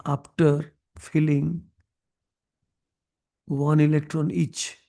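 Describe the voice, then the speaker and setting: Brief: male chemistry teacher with Odia accent, gravelly and mellow, fast classroom delivery. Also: on the high side, flat delivery. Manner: mixes English with Odia, quizzes students. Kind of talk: classroom lecture.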